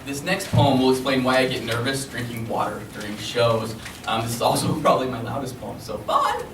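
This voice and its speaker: A man performing slam poetry at a live reading, with an expressive, rhythmic delivery and chatty asides between poems. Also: mid-range voice, a little fast. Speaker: poet. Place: library event room. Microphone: recorded from a distance. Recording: echoey room from far off, faint background noise.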